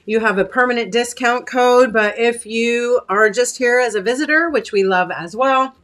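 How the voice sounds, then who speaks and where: A woman's voice: on the high side, moderate pace. A woman hosting a casual live craft stream, chatting with viewers and reading comments, with a catch in her throat. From United States. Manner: chatty, warm asides to viewers, many fillers. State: clearing her throat often.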